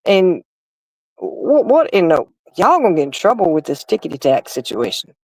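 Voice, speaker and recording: A woman's voice: lowish voice, sing-song, moderate pace, darkish tone, low-quality recording. A middle-aged woman hosting a livestream and chatting casually, telling stories straight to her viewers. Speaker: livestream host. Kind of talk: casual chat.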